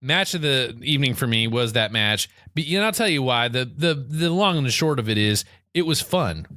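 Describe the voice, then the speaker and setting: Podcast co-host, male, rambling comic storyteller, bright dry voice. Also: mid-range voice, lively intonation, moderate pace, no room sound. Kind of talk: casual comedic chat.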